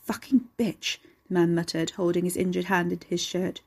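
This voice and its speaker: A woman, reading a dark story aloud at a steady, measured pace. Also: on the low side, creaky. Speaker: narrator. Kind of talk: storytelling narration.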